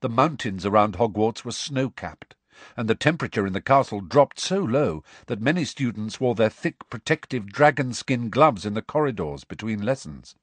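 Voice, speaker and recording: A man's voice: on the low side, normal speed, no echo. A man narrating an audiobook expressively, acting out every character. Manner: animated, acts out the dialogue.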